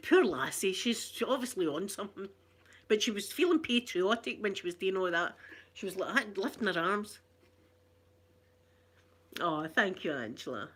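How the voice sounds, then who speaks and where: Woman, Scottish accent, middle-aged, bright clear tone, chatty live-stream host, laughs a lot. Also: medium pitch. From Scotland. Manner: chatty, reads out viewer comments, laughs often. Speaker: ASMR channel host. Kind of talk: casual live-stream chat.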